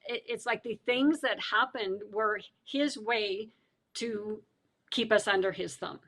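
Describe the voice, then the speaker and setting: A middle-aged woman, an author guest on a podcast, telling her life story with lively quoted voices and frequent laughter. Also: medium pitch, slow. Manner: animated storyteller who acts out quoted voices and laughs often.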